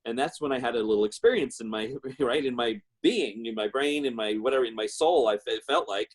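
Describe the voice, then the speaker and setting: A middle-aged man shares a personal story and keeps circling back on himself, full of fillers and restarts. His voice is husky and sits at an ordinary pitch for a man. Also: animated, brisk. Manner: rambling, many fillers and restarts. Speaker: guest speaker.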